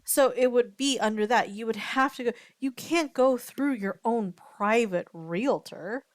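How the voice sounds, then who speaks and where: A woman's voice: a little high, measured pace, no room sound. A woman streamer chatting casually, thinking aloud and greeting her chat viewers. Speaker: streamer reacting to a story video.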